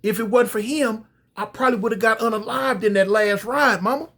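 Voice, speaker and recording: An earnest young man fresh out of prison, as a man puts him on, pleading and emotional. His voice sits a little higher than the storyteller's own, and it runs quick when he begs. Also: fairly bright tone. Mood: startled.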